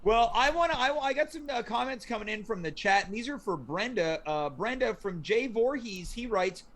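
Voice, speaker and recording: A man hosting a comedic live-stream talk show, playing along deadpan as an emcee. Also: high voice, normal speed. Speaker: host.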